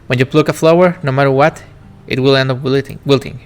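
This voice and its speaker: A man reading a story game aloud on stream, his voice mid-pitched and steady. He lingers over the lines in a reflective, wistful way, with soft music faintly underneath. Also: quick pace. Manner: reflective, wistful reading of first-person narration.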